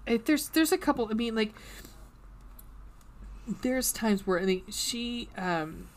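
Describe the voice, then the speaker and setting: A woman's voice: a little high, animated, takes it slowly. A woman co-hosting a book club podcast, chatting casually, breaking off with laughs and restarting her sentences. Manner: chatty, full of fillers and restarts, laughs while reading. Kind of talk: casual chat and reading aloud.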